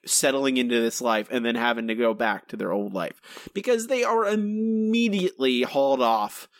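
A man's voice: medium pitch, a bit bright, no echo, clean studio sound. A man co-hosting a podcast, talking in an exasperated, rambling way with frequent restarts. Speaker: podcast co-host. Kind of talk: casual review chat.

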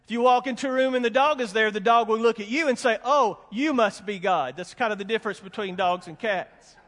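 High-voiced pastor in a reverberant hall. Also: male voice, fairly even intonation, fast, fairly bright tone. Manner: emphatic, repeats warnings, folksy asides. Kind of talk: sermon. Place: church sanctuary with congregation.

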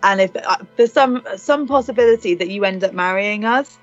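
A woman co-hosting a casual film podcast, enthusiastic and quick to laugh. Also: medium pitch, faint music behind. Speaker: podcast co-host. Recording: dull lo-fi podcast audio.

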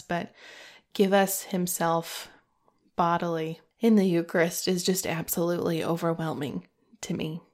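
Her voice is lowish with a darkish tone. As a middle-aged podcast host, she shares a heartfelt personal faith story, sometimes growing emotional and laughing through her tears.

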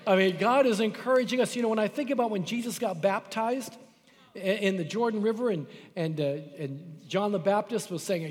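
A man's voice: high voice, lively intonation, moderate pace, in a large hall. A middle-aged man preaching a sermon in a church, impassioned, acting out quoted voices. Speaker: pastor. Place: church sanctuary.

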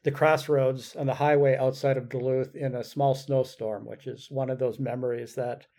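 A man's voice: mid-range voice, flat delivery, moderate pace, dark tone. A man hosting a podcast, asking questions in a chatty way and laughing easily. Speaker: podcast host. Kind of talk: casual podcast interview.

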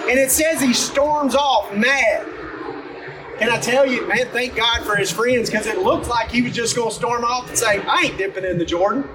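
High-voiced pastor preaching from afar. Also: male voice, moderate pace, far from the mic, noisy background. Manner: conversational, animated, acts out story characters. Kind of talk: sermon.

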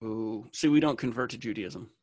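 A man in a casual group chat, ranting with lots of swearing and a lively, joking manner. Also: lowish voice, normal speed, no echo. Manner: profane, animated ranting.

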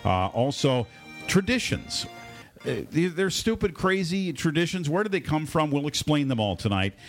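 A man hosting a casual radio talk show from a studio, with animated, filler-heavy patter. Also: on the high side, moderate pace, soft background music.

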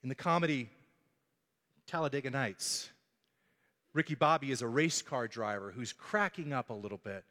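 A man's voice: mid-range voice, lively intonation, normal speed, pauses often, sharp tone, big-room sound. A male pastor preaching a sermon, telling the story with animation and acting out the voices of the people in it.

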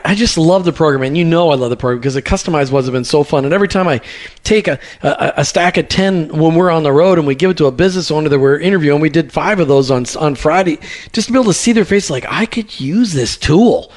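Fast-talking, high-voiced male radio host. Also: expressive. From New Jersey, USA. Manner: eager, quick host who jumps in with enthusiasm. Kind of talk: radio interview.

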